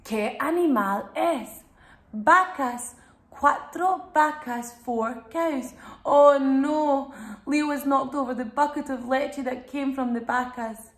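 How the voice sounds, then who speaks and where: A woman's voice: high voice, takes it slowly, a bit bright, roomy sound. A woman telling a bilingual storybook lesson to young children, sing-song and exaggerated, prompting them to repeat words. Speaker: children's Spanish teacher and storyteller.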